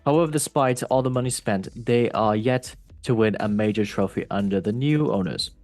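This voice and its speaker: A man's voice: on the low side, normal speed, darkish tone, dry recording, faint music behind. Loose, jokey man hosting a football panel. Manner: jokey, loose, asides while reading. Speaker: podcast host. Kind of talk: casual panel chat and news reading.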